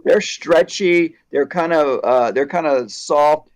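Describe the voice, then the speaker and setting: A man who works with hair extensions, giving relaxed, opinionated advice in a casual chat. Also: fairly high pitch, slow.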